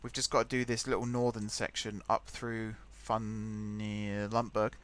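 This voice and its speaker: A man's voice: on the low side, flat delivery, measured pace, a bit bright. A young man hosting a game let's play, rambling chattily and thinking aloud as he types. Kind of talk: casual gameplay commentary.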